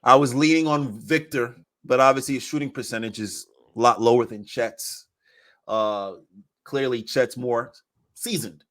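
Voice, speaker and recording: A man on a podcast in casual chat about basketball, animated and repeating phrases for emphasis. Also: mid-range voice, measured pace.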